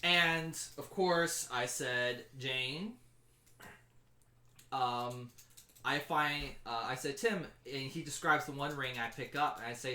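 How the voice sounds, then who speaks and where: Game master, male, bright and animated, echoey room. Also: mid-range voice, takes it slowly. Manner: lively and joking, often breaks into laughter. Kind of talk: casual tabletop game narration.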